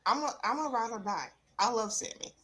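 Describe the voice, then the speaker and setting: A woman's voice: on the high side, lively intonation, brisk, pushed and bright, slightly rough. A woman co-hosting a casual wrestling podcast, laughing often and teasing her co-host.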